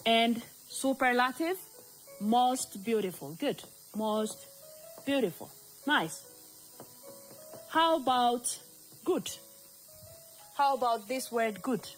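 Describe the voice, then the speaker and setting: Slow, high-voiced woman teaching grammar. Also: soft background music, low-quality recording. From Ethiopia. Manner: slow, repeats words, asks the class questions. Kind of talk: recorded grammar lesson.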